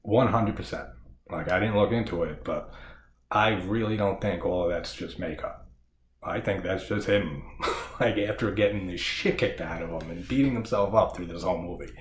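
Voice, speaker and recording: A man's voice: low voice, moderate pace, reverberant, slight background noise. A man casually talking through a horror-comedy film as a channel host, laughing often and rambling with restarts and fillers. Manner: acts out movie lines in raised voices.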